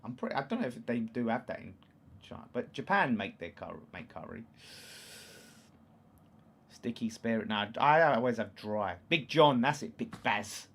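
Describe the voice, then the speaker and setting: A man in his thirties with an East London accent, hosting a football watchalong in casual chat, reading out comments and erupting into loud shouts at chances. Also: medium pitch, very animated, moderate pace. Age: 30s. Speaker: livestream host.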